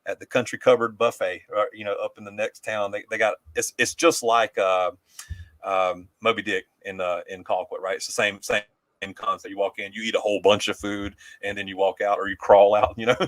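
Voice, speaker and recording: Co-host, man, low voice, chatty rambling storyteller. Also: flat delivery, brisk, a bit bright, no room sound. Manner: rambling, laughs often, many fillers and restarts. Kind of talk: casual storytelling chat.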